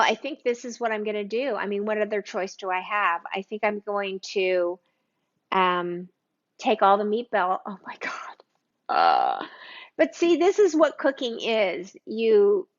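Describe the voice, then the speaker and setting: A woman's voice: medium pitch, muffled recording. A woman hosting a live cooking stream from her home kitchen, chatting with viewers by name in an exclamatory way. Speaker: cooking show host.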